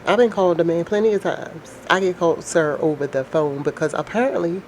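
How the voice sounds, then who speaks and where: A woman with a naturally deep voice, sick and slightly nasal, chatting casually to her viewers in a frank, rambling way. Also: brisk, darkish tone, slight background noise. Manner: frank, rambling, laughs often. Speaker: vlogger. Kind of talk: casual chat to camera.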